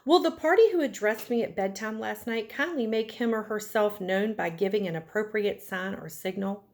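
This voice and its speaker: A woman's voice: medium pitch, moderate pace, a little mellow, natural voice. A woman voicing a lonely young male pig, polite and earnest, in a storybook read aloud. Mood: formal.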